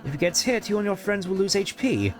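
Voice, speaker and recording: A man putting on the voice of a bashful, kindly goat prince from a fantasy game. The voice sits higher than his own and stays gentle and polite, with hesitant pauses and a patient, coaching manner. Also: very animated, faint music behind. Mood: encouraging. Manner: soft, polite, hesitant with little ums. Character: gentle shy young fluffy goat prince. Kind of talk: video game voice-over reading.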